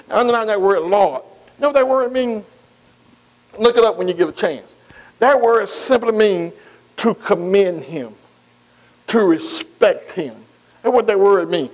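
A man's voice: high-pitched, expressive, measured pace, pauses often. A man preaching a sermon in plain vernacular, quizzing the congregation with "am I right?" and repeating his words. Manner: call-and-response questioning, repeating words; informal vernacular grammar. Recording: long hall reverb.

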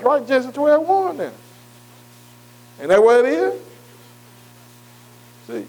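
High-pitched guy preaching, keeps asking am i right, drags words out for emphasis. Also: very animated, measured pace, long pauses, poor audio. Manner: call-and-response, asks the congregation questions; repetitive, emphatic, stretches key words. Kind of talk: sermon.

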